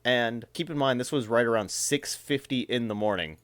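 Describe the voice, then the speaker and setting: A man's voice: mid-range voice, moderate pace, fairly bright tone, dry recording. A man reading texts aloud and commenting on them in a casual, amused reaction video.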